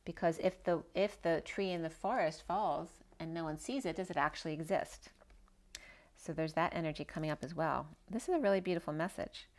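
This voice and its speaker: A woman giving a gentle spiritual tarot reading, reading oracle card messages aloud and offering advice to her viewers. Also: deep voice, fairly quick. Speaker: tarot reader.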